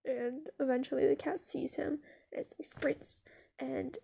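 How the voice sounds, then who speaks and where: A woman's voice: high-pitched, slow pace, vocal fry, mellow. A woman telling an improvised story in a casual, rambling way, full of fillers and swearing.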